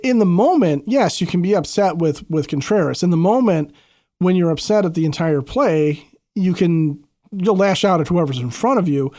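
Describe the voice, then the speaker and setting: Man, sports podcast co-host, slightly high voice, dry close sound, measured casual talk. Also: animated, warm tone, no echo.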